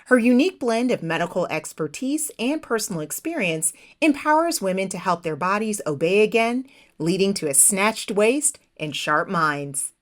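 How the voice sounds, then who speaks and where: A woman's voice: medium pitch, very animated, moderate pace, hardly any pauses. A woman hosting an interview show, reading a polished introduction of her guest and asking questions. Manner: reads a polished scripted introduction. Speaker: podcast host.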